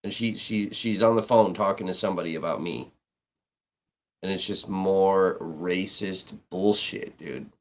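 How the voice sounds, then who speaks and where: Deep-voiced man ranting on a live stream. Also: a little slow. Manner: heated, profane, with frequent restarts. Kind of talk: casual rambling storytelling.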